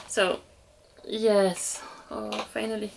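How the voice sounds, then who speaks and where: Slow, giggly woman with French accent. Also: mid-range voice, little pitch movement, creaky, slight background noise. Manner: gushing, giggly, talks to viewers. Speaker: doll collector vlogger. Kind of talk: casual unboxing chat.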